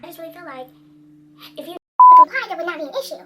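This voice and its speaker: A woman's voice: very high voice, big pitch swings, very fast, recorded from a distance, very noisy, pitched above the performer's own voice. A woman voicing a bold, taunting young female classmate who goads and repeats herself.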